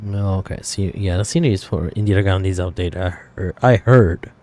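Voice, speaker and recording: A man's voice: deep voice, brisk, a little mellow. A man streaming a flight simulator, thinking aloud in casual chat with viewers and rambling with fillers and self-corrections.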